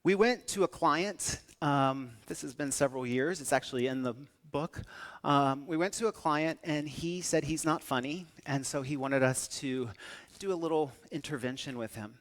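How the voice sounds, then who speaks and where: A man's voice: a little high, normal speed. An American man giving a humorous conference talk, telling anecdotes and acting out voices. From United States. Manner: animated storytelling, acts out voices. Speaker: keynote speaker. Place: conference hall. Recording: long hall reverb.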